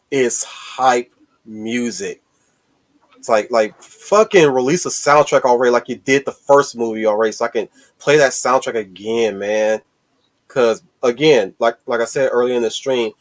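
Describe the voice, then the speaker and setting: A man hosting a casual movie discussion stream, excited and rambling, with lots of restarts and swearing. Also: medium pitch. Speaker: host.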